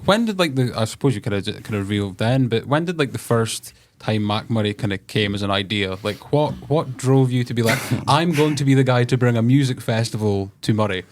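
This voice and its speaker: A man's voice: mid-range voice, a little fast, hardly any pauses. A man hosting a podcast who asks meandering, hesitant questions in a casual interview. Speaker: podcast host.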